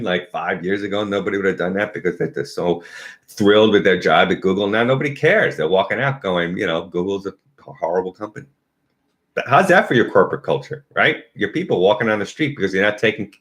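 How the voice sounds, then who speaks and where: A man's voice: lowish voice, a bit bright. A man giving a casual, sarcastic opinion monologue about a company, laughing at his own points. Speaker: company commentator.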